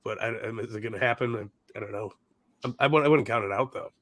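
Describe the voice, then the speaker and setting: Laughing, swearing wrestling podcast host. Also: male voice, lowish voice, fast, a bit bright, dry recording. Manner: laughs often, swears casually, restarts sentences. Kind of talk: casual wrestling chat.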